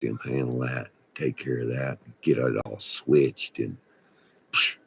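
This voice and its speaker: His bass voice is slow, steady, gravelly, and slightly rough. A middle-aged former oil field hand with a West Texas drawl, he tells folksy, slangy stories on a casual vlog, laughing between remarks.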